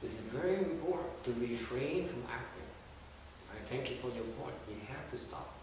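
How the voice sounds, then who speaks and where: Buddhist master guy lecturing, blunt and kinda scolding, mid-pitched voice, far off in a really echoey hall. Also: expressive, normal speed, noisy background. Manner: blunt and scolding, with rhetorical questions. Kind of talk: dharma talk sermon.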